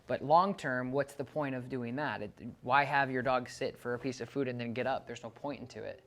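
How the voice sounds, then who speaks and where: A man at a middle pitch coaches a client through dog training exercises in a calm, steady way. He explains each step plainly and counts out the seconds for the client. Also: brisk. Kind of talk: instructing a client during training.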